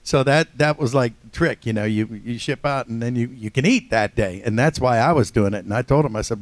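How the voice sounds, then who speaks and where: Barely pausing, an older Ohio voice actor talks fairly quickly in a mid-range voice with no room sound. He's a convention panel guest telling casual stories, cracking jokes at his own expense and laughing a lot.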